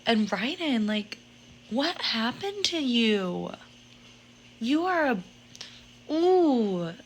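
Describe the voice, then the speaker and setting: Slow-talking excitable woman vlogger. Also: a little high, a little hiss or hum, low-quality recording. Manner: excitable, giggly, drifts to whispers. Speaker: book vlogger. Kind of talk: casual vlog reading diary.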